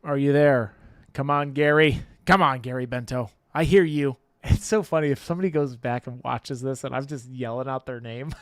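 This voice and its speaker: A man hosting a casual livestream giveaway, calling out winners' names loudly and joking between them. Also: medium pitch, no room sound, clean studio sound.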